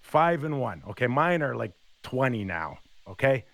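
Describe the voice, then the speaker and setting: Man, 50s, former hockey player, animated storyteller, dry recording. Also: mid-range voice, moderate pace, creaky, no echo. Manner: animated storyteller acting out quotes. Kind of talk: casual storytelling chat.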